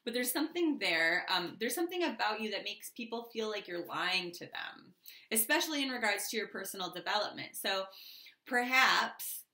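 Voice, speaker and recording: A chatty woman giving a casual tarot reading, with a bright, forward voice. She talks loosely and fills her sentences with "um" and "like," and the sound is echoey. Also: mid-range voice, animated, normal speed. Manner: chatty, loose, many fillers and asides. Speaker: tarot reader. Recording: echoey room.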